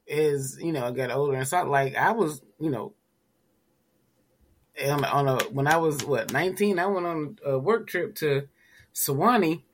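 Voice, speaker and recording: A man's voice: on the high side, normal speed, a little hiss or hum. A man, co-hosting a podcast in a loose, rambling way, full of "you know". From Tennessee. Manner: laid-back, rambling storyteller with frequent "you know". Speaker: podcast co-host. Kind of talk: casual chat.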